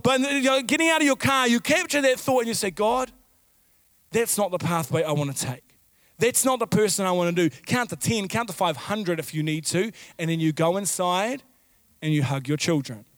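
Man, pastor, animated sermon, shouted outbursts, high voice, dry sound. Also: no echo.

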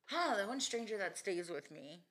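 Young woman from austin, laughing and cussing thru stories, bright voice jumping all over. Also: mid-range voice, normal speed. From Austin, Texas. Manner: laughing, animated, profane. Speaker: podcast guest. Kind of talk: casual storytelling.

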